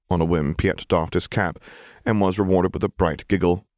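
An audiobook narrator with a deep voice reads a story from a script. His storytelling is measured and expressive, and the recording is dry with clean studio sound.

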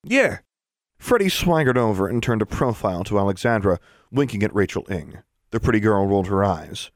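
Guy reading a fantasy audiobook, lowish voice, lots of lilt, dry close mic. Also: a little fast, dry recording. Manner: steady storytelling, lively intonation. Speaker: audiobook narrator. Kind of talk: scripted fantasy narration.

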